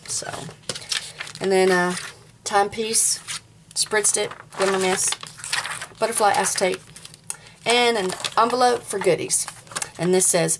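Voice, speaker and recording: A woman's voice: mid-range voice, unhurried, long pauses, noisy background. A woman in her forties with a Southern US accent, chatting casually as she shows off a handmade craft journal and talks straight to viewers. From American South. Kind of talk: casual show-and-tell vlog.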